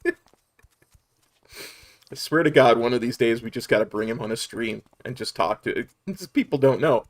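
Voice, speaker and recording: A man's voice: mid-range voice, moderate pace. A man chatting casually on a gameplay stream, laid-back and chuckling.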